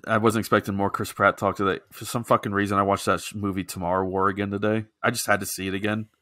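A man's voice: fairly low pitch, little pitch movement, fast, fairly bright tone. A man co-hosting a comedy podcast, talking loosely and casually with plenty of swearing. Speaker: podcast co-host. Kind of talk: casual chat.

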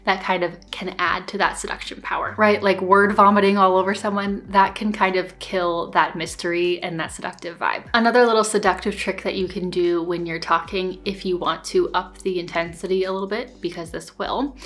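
A young woman vlogging advice to camera in a relaxed, conversational way, often checking in with "right?". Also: on the low side, a little fast, hardly any pauses. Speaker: lifestyle vlogger giving dating advice. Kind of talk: casual instructional talk to camera.

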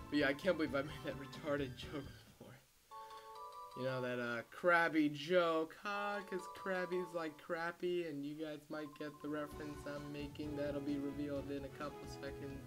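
A young man giving casual, rambling let's play commentary with crude jokes. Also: on the high side. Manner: rambling, joking, crude asides. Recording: game music loud underneath.

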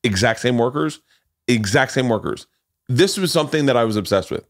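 A man in his forties hosting a podcast, telling stories in a loud, animated and profane way. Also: mid-range voice, fairly quick, no echo, clean studio sound. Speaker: podcast host. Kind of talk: casual storytelling chat.

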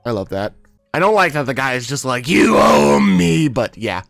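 Bright, cheeky guy for casual gameplay commentary, swears, jokes. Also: medium pitch, big pitch swings, brisk, no room sound, soft background music. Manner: playful, swears, laughs at the game. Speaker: gaming video host. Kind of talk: casual let's-play commentary.

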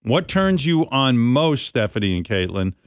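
A man's voice: mid-range voice, very animated, unhurried, smooth, dull audio. Blunt radio host in his sixties, teasing. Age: 60s. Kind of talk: radio talk show hosting. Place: radio studio.

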